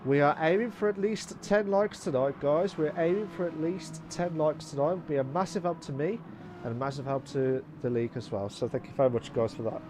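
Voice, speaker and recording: Excitable guy doing live race commentary, kinda high voice, little hiss behind. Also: brisk. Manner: excitable, repeats phrases, bursts into shouts. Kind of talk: live sim racing commentary.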